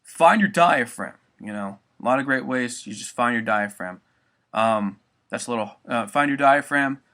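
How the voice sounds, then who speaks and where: A man's voice: medium pitch, moderate pace, sharp tone. A young man giving a casual spoken vocal tutorial, rambling loosely and swearing often.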